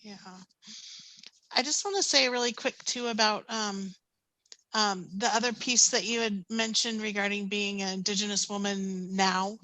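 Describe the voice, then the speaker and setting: Bright-voiced woman in her fifties telling stories. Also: mid-range voice, normal speed, dry recording, poor audio. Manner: animated anecdotes, laughing often, many ums. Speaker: panelist, canoe skipper. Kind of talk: casual storytelling on a panel.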